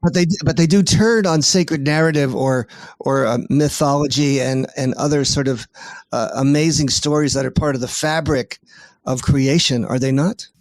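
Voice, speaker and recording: A man's voice: medium pitch, moderate pace, no echo. A man hosting a podcast interview, enthusiastic, asking long rambling questions. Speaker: podcast host.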